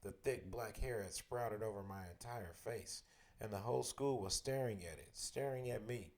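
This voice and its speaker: A man reading a chapter book aloud as a bedtime story, with steady, expressive first-person narration. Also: fairly low pitch, normal speed. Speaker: storybook reader.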